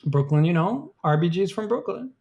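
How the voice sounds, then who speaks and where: A man co-hosting a podcast, chatting in a relaxed way and laughing often. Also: high-pitched, brisk, vocal fry, lo-fi sound. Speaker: podcast co-host. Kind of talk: casual chat.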